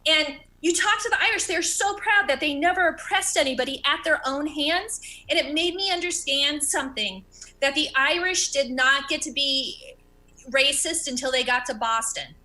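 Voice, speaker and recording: Woman stand-up comic, thirties, high bright voice, open stutter, self-mocking, on a video call. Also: normal speed, low-quality recording. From America. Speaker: stand-up comedian.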